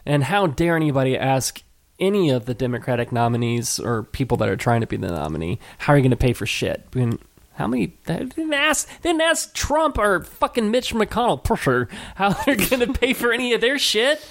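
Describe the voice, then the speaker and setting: A woman's voice: on the low side, brisk. A woman co-hosting a podcast, ranting in profane political banter and laughing often. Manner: animated, swearing, laughing often.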